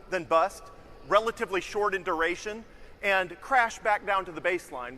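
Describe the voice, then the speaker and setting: A man giving scripted, measured narration in a lecture-like explainer clip that is being played back. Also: high voice, sharp tone, long reverb tail, slight background noise.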